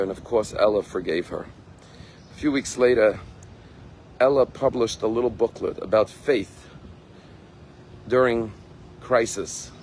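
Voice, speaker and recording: Earnest rabbi preaching a sermon. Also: male voice, on the low side, a little mellow, slight background noise. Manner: earnest, slows and rises for emphasis. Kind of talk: sermon with storytelling.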